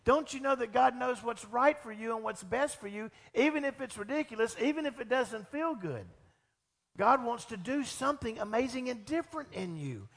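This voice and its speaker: A middle-aged man preaching a sermon as pastor, animated and acting out the voices of people he quotes. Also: very high voice, normal speed, creaky. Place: church sanctuary. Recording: long church reverb.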